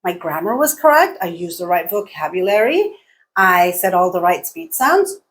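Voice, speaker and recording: Woman teaching English with deliberate stress. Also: fairly low pitch, big pitch swings. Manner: clear, deliberate teaching delivery with stressed key words. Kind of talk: scripted language lesson.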